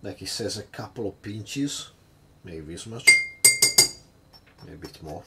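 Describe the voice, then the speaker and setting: A man's voice: deep voice, measured pace, gravelly, very noisy. A man hosting a casual cocktail-making vlog at his home bar, chatty and hesitant, nervously poking fun at himself. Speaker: home bartender host.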